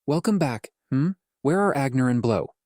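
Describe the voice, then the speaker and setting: A man's voice: medium pitch, animated, moderate pace, darkish tone, no echo, clean studio sound, lightly acted. A man reading an audiobook and voicing the female Demon Lord with breezy, offhand questions. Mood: puzzled. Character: brash female demon ruler, casual and commanding.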